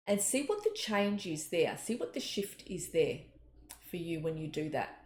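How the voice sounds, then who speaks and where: A middle-aged woman, a psychic giving an earnest, gentle spiritual talk and telling personal stories. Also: on the low side, very animated, normal speed. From Australia. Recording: echoey room, faint noise.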